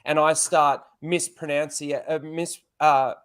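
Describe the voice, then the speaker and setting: A man talking as a podcast guest in casual chat, often halting and restarting, with some swearing. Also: a little high, flat delivery, a bit bright, clean tone.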